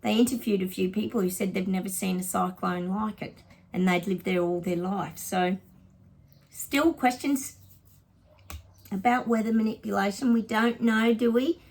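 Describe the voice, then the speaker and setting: A woman's voice: mid-range voice, moderate pace, a little mellow. An Australian woman psychic chatting casually to her viewers in a rambling vlog reading.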